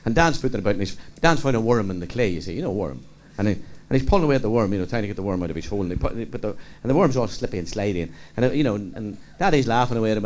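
A man's voice: fairly low pitch, lively intonation, very fast, hardly any pauses, darkish tone. A man telling jokes in a chatty way and laughing as he goes. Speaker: comedian. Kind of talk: stand-up joke telling.

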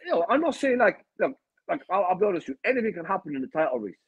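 A man talks fast about football, insistent and repeating himself as he hedges. His voice is husky and slightly raised, and the clip sounds muffled and lo-fi. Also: sits high, big pitch swings. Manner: insistent, repetitive, hedging. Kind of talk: football fan opinion clip.

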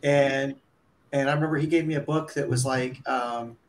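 A man's voice: medium pitch, steady tone, normal speed, roomy sound, a little hiss or hum. A man co-hosting a casual live panel chat, talking in a rambling way and often restarting his sentences. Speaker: co-host, conference organizer.

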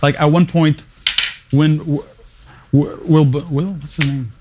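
A man's voice: fairly high pitch, steady tone, a little slow, noisy background. Emphatic man with punchy short phrases. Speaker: radio morning show producer. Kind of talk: interview storytelling and career advice.

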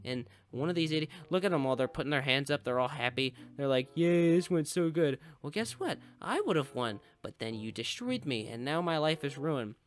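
A man giving goofy playthrough commentary on a racing game, yelling when he falls behind and chanting made-up nonsense words. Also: medium pitch, lively intonation, fairly quick, hardly any pauses. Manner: goofy, yells in frustration, makes up nonsense rhymes. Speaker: gaming channel host.

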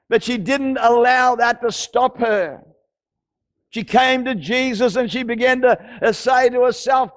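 An Australian man preaching a fervent sermon in an unusually high voice. He circles back on his phrases and pushes his lines up into shouts when he exhorts. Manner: impassioned, repeats phrases, rises to shouts. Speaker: pastor.

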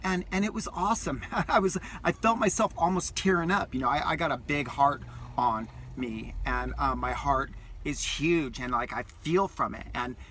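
A man's voice: on the high side, normal speed, a bit bright, a little hiss or hum. A man vlogging from his parked vehicle, telling a rambling, enthusiastic story in a casual way that repeats itself.

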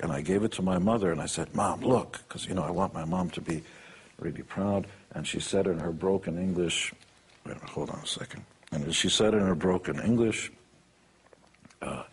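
Interviewee, male, deep husky voice, brags bluntly and jokes between motivational anecdotes. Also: a little mellow. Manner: boastful, blunt and joking.

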